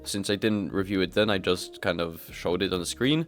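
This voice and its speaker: A man's voice: low-pitched, moderate pace, faint music behind. A man hosting a casual commentary vlog, chatty and self-deprecating, addressing his viewers directly as he reviews comics. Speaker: YouTube host reviewing comics.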